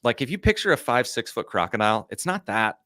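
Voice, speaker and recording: A man's voice: medium pitch, big pitch swings, fairly quick, sharp tone, dry recording, studio quality. A man in his thirties, a podcast guest, telling a story in a casual, rambling way full of "like" and "you know".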